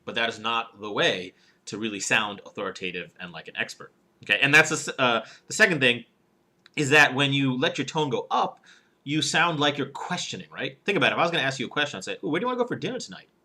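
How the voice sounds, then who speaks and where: A man's voice: mid-range voice, fast, bright, forceful tone. A man giving a casual instructional talk on public speaking, acting out rising and falling intonation as he goes, with filler words between points. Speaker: professional speaker and speaking coach.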